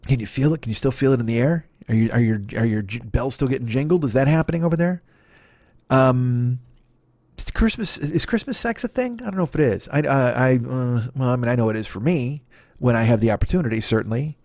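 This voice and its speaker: A man's voice: medium pitch, a little fast, darkish tone, no echo. A man hosting his own comedy podcast, riffing in a rambling, profane monologue that keeps correcting itself. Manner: profane, digressive, self-correcting.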